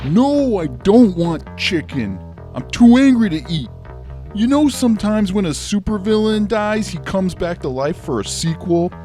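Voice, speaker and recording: A man's voice: high voice, big pitch swings, unhurried, warm tone, faint music behind. A man hosting a comedic review show, ranting about movies in a sarcastic, grumbling way. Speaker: host.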